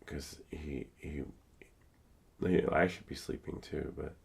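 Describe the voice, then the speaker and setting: A hoarse man live-streaming, chatting casually and thinking aloud with many fillers as he works. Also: very deep voice, steady tone, slow. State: hoarse, losing his voice.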